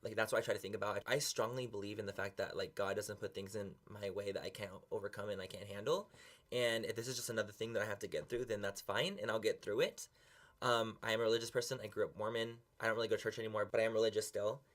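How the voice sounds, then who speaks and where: Nearly in tears, this young male beauty vlogger opens up to the camera with casual swearing in an earnest, emotional confessional. He talks quickly in a fairly bright, lowish voice with a steady tone.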